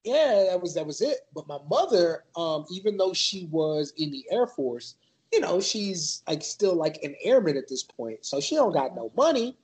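A man's voice: high-pitched, big pitch swings, normal speed, darkish tone, rough recording. A man from Maryland, a podcast guest, talking in a laid-back, loose way with lots of fillers. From Maryland, USA. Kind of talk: casual podcast chat.

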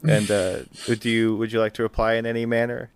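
A man's voice: on the low side, little pitch movement, fairly quick, smooth. A young man narrating a tabletop role-playing game as game master, laughing often and talking with many fillers.

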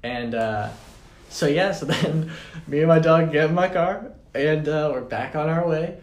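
This young adult man, a guest on a podcast, tells a story from his own life at a measured pace, his voice slightly high. He rambles casually, dropping "like" and "man" throughout, and the audio carries a roomy echo.

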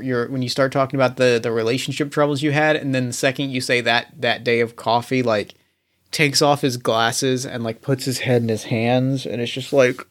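A man narrating his character's reactions in an improvised role-play, in an animated, rambling way. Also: mid-range voice. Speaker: player narrating a scene.

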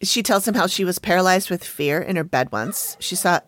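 Lively woman recapping a TV episode. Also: lowish voice, moderate pace, no room sound. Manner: lively, laughs often, talks to her dog. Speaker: podcast co-host recapping a TV episode. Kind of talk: casual chat.

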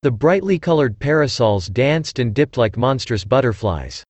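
A synthesized male narrator reading a classic novel aloud. His delivery is measured, with a lively rise and fall in pitch. The recording is dry, with no echo. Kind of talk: audiobook narration.

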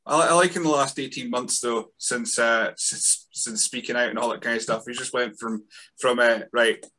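A man's voice: medium pitch, normal speed. A man hosting a podcast, chatting casually and easily with his guest. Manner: relaxed, chatty, laughs along. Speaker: podcast host. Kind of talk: casual chat.

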